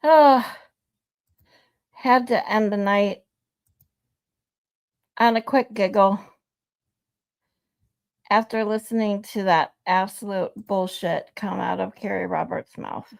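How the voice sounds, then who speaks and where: A woman's voice: medium pitch, fairly even intonation, slow, vocal fry, pauses often, darkish tone. A woman hosting a casual live stream, thanking viewers between clips. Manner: thanks viewers, laid-back chatter.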